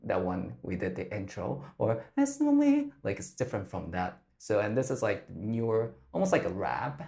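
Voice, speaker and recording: A man's voice: fairly low pitch, expressive, normal speed, creaky, darkish tone. A man coaching singing, explaining a song's phrasing and now and then demonstrating lines. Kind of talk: vocal lesson breakdown.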